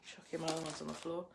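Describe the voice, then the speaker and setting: A young woman hosting a casual live unboxing, chatty and excitable, gushing over each card she pulls. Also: sits low, gravelly, noisy background. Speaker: livestream host opening card packs.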